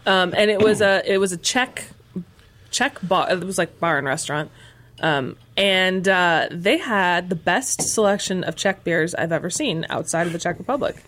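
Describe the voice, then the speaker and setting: A woman's voice: lowish voice, moderate pace, fairly bright tone. A woman co-hosting a podcast, chatting casually with fillers and restarts. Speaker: podcast co-host. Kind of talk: casual chat.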